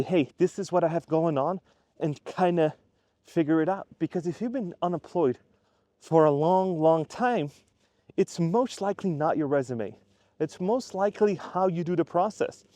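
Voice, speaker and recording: A man's voice: fairly high pitch, warm tone, dry recording. A man working as a career coach, talking bluntly and casually to the camera and acting out what people say to him. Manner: blunt, plain-spoken, acts out quoted people; frequent fillers and restarts, conversational. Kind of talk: casual direct-to-camera monologue.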